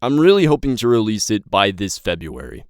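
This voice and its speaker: A man's voice: lowish voice, big pitch swings, a little fast, darkish tone, dry recording, studio quality. A nineteen-year-old man giving an impassioned, rambling personal update to his viewers, swearing and stumbling over his words. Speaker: YouTube creator and novelist.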